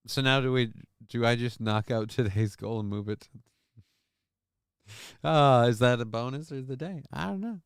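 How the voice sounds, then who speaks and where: A man hosts a live-stream show, reading viewer messages and rambling through crude, sarcastic asides. His voice is bright and edged, and it comes through smooth and crisp. The sound is dry and close, with no room echo. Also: medium pitch. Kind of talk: casual live-stream commentary reading chat.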